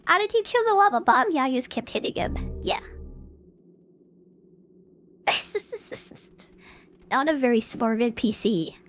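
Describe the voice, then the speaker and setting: Woman streamer, high and bouncy pitch, casual play-by-play gaming chatter. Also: sing-song, brisk, few pauses, soft background music. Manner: chatty, filler-heavy, talks to chat.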